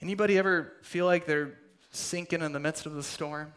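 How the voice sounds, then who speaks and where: Male pastor, slightly high voice, expressive sermon delivery that swings from emphatic to hushed. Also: fairly quick, clear, resonant tone. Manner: dramatic, swings between loud emphasis and hushed near-whispers.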